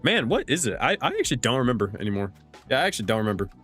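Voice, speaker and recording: A man's voice: mid-range voice, very animated, racing, a bit bright, soft background music. A young man, a streamer and game master, answering chat questions in a loose, rambling way with restarts and casual swearing. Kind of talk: casual livestream Q&A.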